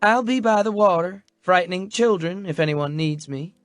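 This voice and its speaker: A man voicing a standoffish, sarcastic young woman who speaks in a dry, caustic, almost monotone way. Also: a little high, a little slow, dry recording, soft background music, voice pushed up. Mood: deadpan sarcastic. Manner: caustic near-monotone deadpan.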